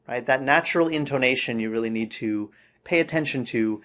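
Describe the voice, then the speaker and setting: A man teaching English, giving relaxed spoken feedback on a student's answer and checking in with "okay" as he goes. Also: medium pitch, fairly quick. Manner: relaxed, explanatory, says okay often.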